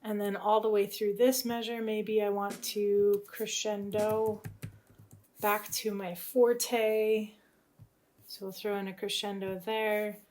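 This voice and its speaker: Relaxed woman teaching music theory. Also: medium pitch, a little hiss or hum. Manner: thinks aloud, tentative and relaxed. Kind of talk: talking through a composition demo.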